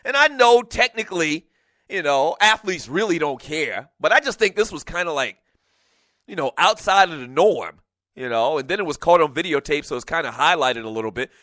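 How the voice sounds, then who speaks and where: A middle-aged man hosting a sports talk radio show, venting in an animated way and laughing often. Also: a little high, moderate pace, dry recording.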